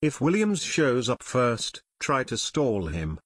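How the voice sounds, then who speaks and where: A man's voice: mid-range voice, huge pitch swings, takes it slowly, husky, no echo, studio quality, exaggerated voice. A man voicing a determined young male amateur detective who talks firmly in a storybook reading. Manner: firm, demanding.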